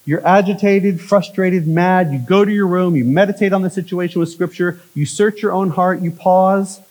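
Man, pastor, sermon, conversational, slightly high voice, emphatic then hushed. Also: rough recording. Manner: conversational, often adds "right?", swings from emphatic to hushed.

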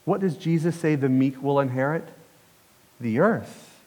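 A man's voice: mid-range voice, unhurried, darkish tone, big-room sound. A man preaching a sermon as pastor, conversational and putting questions to the congregation.

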